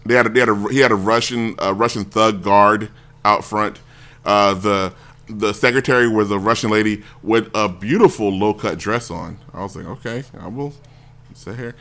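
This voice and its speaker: Male talk show host, bright edge, rambles and restarts while telling stories. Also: lowish voice, fairly even intonation, normal speed. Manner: rambling, self-interrupting, acts out quoted voices. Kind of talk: casual storytelling on a talk show.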